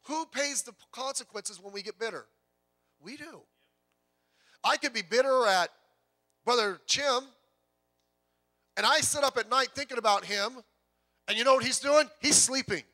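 This sermon comes from a pastor with a very high-pitched voice, whose delivery is lively and conversational, full of jokes and quick self-repeats.

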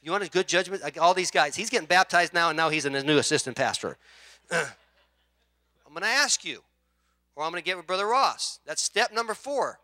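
A male pastor delivers a sermon in a high, bright, piercing voice, caught dry and close. He tells a story in bursts, dropping to quiet asides and then rising to loud, excited shouts as he acts out the people in it. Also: moderate pace, no echo.

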